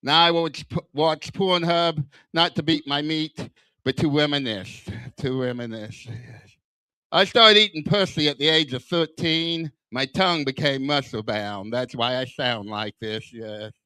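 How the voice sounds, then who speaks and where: A man's voice: a little high, measured pace, bright, forceful tone, clear, resonant tone, no room sound. An older man doing stand-up comedy with a strong lisp that whistles on his s sounds, firing off self-deprecating one-liners on a club stage. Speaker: stand-up comic.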